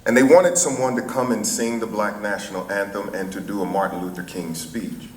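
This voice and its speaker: Low-voiced middle-aged man telling a story. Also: a little hiss or hum. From St. Louis. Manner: folksy, unhurried storytelling. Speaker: chaplain and speaker. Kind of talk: storytelling before a speech. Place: event hall. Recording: echoey hall, faint ambience.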